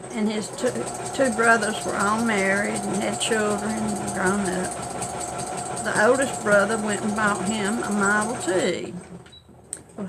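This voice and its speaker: Older woman, folksy family storyteller, gravelly, loud sewing-machine hum behind. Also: mid-range voice. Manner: folksy, animated in quotes, laughs. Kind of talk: casual oral storytelling. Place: home sewing room.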